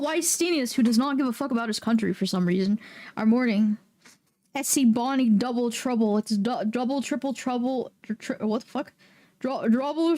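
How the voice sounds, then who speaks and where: A woman streaming a game, chatting casually with viewers and breaking into loud, excitable, swearing outbursts. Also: sits high. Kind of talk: casual livestream chat.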